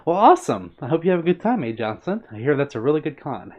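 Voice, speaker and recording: A man runs a live stream, chatting casually and upbeat while answering viewers by name as he reads the chat. He talks fast, on the high side, with big pitch swings. The stream audio is dull and lo-fi.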